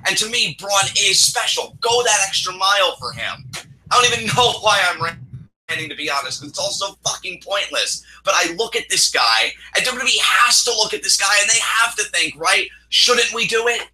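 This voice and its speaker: A man's voice: sits high, sharp tone, a little hiss or hum, poor audio. A young man co-hosting a wrestling show, ranting heatedly with lots of swearing in a casual chat. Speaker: wrestling podcast co-host. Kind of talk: opinion rant, casual chat.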